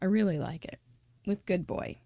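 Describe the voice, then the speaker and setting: A woman's voice: mid-range voice, moderate pace, warm tone, no room sound, clean studio sound. A woman hosting a live crafting show, chatting casually, teasing her guest and laughing often. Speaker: host. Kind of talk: casual live-stream chat.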